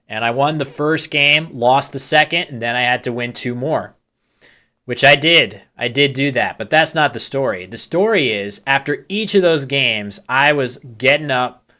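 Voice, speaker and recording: A man's voice: mid-range voice, bright, forceful tone. A man commentating a live board-game tournament in a casual, chatty way, with candid joking asides and self-deprecating humor.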